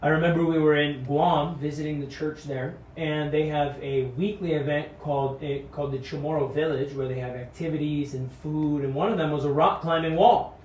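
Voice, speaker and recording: A man delivers an earnest devotional sermon, exhorting and repeating his key lines. His voice sits a little high. The recording rings in a reverberant room, with faint background hiss. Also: steady tone, normal speed, hardly any pauses, darkish tone. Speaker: pastor. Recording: echoey room, mic at a distance.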